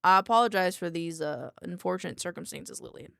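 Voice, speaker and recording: A woman's voice: medium pitch, steady tone, racing, vocal fry, a little mellow, no echo, clean studio sound, close to an everyday voice. A woman voicing a nerdy male head researcher with a nasal voice, politely formal and apologetic.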